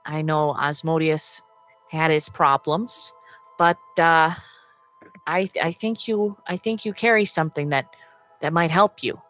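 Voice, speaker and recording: A woman voicing a gentle halfling mother spirit. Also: low voice, fairly even intonation, unhurried, faint music behind, rough recording. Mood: comforting. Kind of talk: tabletop game voice acting.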